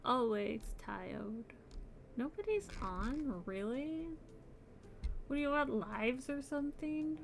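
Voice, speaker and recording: A woman's voice: high voice, lively intonation, slow, gravelly, slight background noise. A young adult woman streaming her crochet, chatting casually and sounding sleepy and yawny. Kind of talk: casual live-stream chat.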